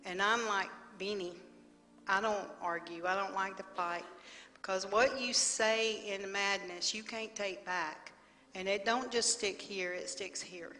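Woman, 60s, pastor's wife, gentle earnest storytelling, bright tone, church hall reverb. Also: mid-range voice, steady tone, a little slow. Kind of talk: sermon conversation.

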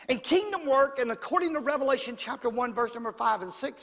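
A man's voice: extremely high pitch, lively intonation, fast, hardly any pauses, fairly bright tone. A man preaching a sermon in a church, calling on the congregation to say amen. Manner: call-and-response, demanding amens. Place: church sanctuary. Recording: long church reverb.

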